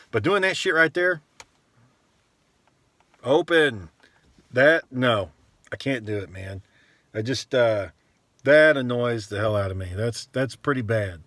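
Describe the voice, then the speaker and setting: A blunt man rants on camera, cursing freely and wandering through his points with plenty of ums and uhs. His voice is bright and forward, and the recording is dry and close, with no room sound. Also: medium pitch, no room sound. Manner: blunt, profane, rambling with frequent fillers. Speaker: vlogger. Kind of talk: casual rant to camera.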